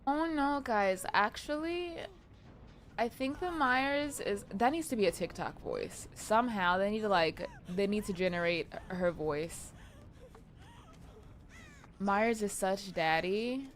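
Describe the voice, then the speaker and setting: A young woman streaming a game, chatting casually and excitably with her chat and swearing freely. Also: medium pitch, measured pace, slight background noise. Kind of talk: casual live-stream chat while gaming.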